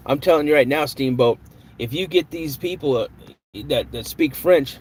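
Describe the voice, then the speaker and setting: A man's voice: on the high side, moderate pace, a little mellow. Easygoing male host, live stream chat, friendly banter, faint background noise. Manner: chatty, greets viewers and jokes around. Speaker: podcast host.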